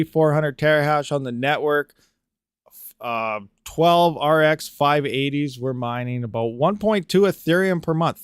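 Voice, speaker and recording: A man's voice: a little high, clean tone, no echo, clean studio sound. A man hosting a casual live-stream Q&A on crypto mining, reading chat questions aloud and rambling with frequent "you know"s.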